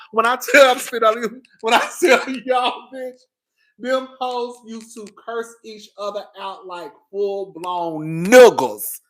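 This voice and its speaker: Sassy man spilling reality tv tea, cussing, cackling, acting out shouted fights, bit tipsy. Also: high voice, fairly even intonation, takes it slowly. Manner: sassy, profane, laughs often, acts out loud shouted impressions. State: a little tipsy. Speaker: commentary host. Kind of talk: animated reality-TV gossip commentary.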